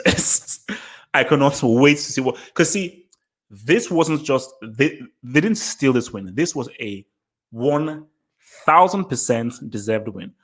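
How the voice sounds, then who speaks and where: A man hosting a live football reaction stream, swinging all over his pitch as he goes. He laughs often and piles up repeated words when he gets worked up. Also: a bit bright. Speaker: football channel host.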